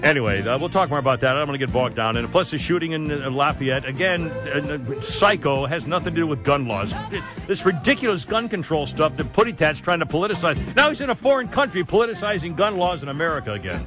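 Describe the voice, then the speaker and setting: A man's voice: a little high, lively intonation, fast, music in the background. Brash joking male radio host. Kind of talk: talk radio. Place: radio studio.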